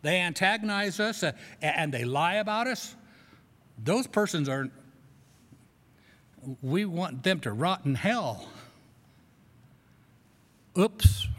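A man's voice: on the high side, sharp tone. Man preaching in an echoing hall. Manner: conversational, self-deprecating, with restarts. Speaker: pastor. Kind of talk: sermon. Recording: long echo of a large hall.

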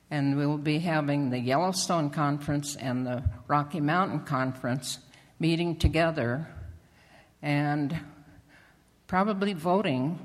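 A lay member of a church speaks from the pulpit, giving a halting testimony and announcements full of fillers and restarts. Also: mid-range voice. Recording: long reverb of a church hall.

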